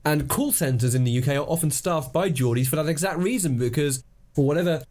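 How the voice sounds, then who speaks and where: A man's voice: a little high, darkish tone. A young man co-hosting a podcast, chatting playfully and laughing easily. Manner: playful, jokey, quick to laugh. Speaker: podcast co-host. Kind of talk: casual chat.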